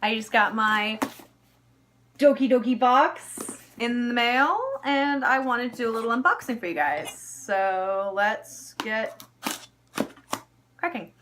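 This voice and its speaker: Gushing high-voiced young woman. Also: slow, pauses often, noisy background. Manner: gushing, squealing over cute items. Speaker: cosplay vlogger. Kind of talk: unboxing video.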